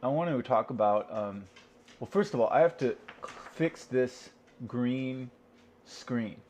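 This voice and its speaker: This vlogger takes it slowly in an animated, mid-range voice that's a little mellow, captured in a dull lo-fi recording with a little hiss or hum. Alone at home, he vents in a rambling rant, swearing freely and answering questions he asks himself.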